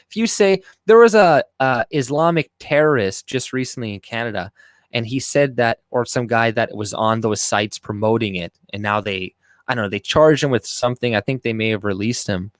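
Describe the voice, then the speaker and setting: A man's voice: mid-range voice, normal speed, dry recording, clean studio sound. A man hosting a casual livestream, rambling and swearing as he reacts to clips and chat. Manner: rambling, profane, with frequent restarts. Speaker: livestream host.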